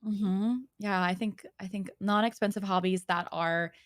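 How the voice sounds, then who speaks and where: A woman's voice: medium pitch, steady tone, normal speed, no echo. Giggly rambling young woman, dry close mic. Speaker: VTuber streamer and voice actor. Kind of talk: casual chat.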